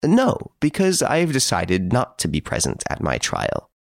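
A man voicing a suave gentleman thief who mocks the detective from his prison cell, urbane and playfully boastful. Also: mid-range voice, huge pitch swings, normal speed, vocal fry, dry recording, studio quality, pitched above the performer's own voice. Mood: teasing, smug.

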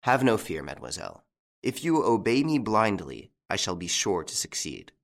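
In this audiobook, the narrator plays a gentleman thief, calm and authoritative, speaking clearly and with reassurance. His lowish voice takes on a questioning mood at normal speed.

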